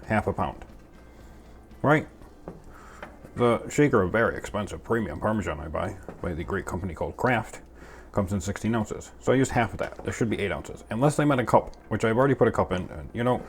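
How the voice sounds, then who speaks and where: A man's voice: lowish voice, a little hiss or hum. A man hosting a casual cooking video, chatting in a goofy, self-mocking way as he makes a sauce in his home kitchen. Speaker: cooking channel host.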